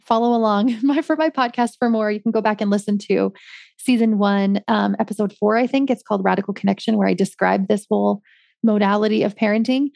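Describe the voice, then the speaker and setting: A woman's voice: mid-range voice, steady tone, fairly quick, creaky, a little mellow, dry recording, clean studio sound. A woman hosting a solo parenting podcast, chatting casually with many ums and likes. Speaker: podcast host, parenting coach.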